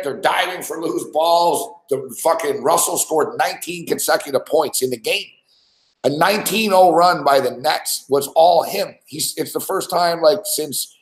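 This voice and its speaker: A man hosting a sports podcast, ranting casually with swearing and laughter, and getting excited as he recounts plays. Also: on the high side, reverberant, low-quality recording. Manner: profane, laughing, gets excited over plays. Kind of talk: casual sports talk rant.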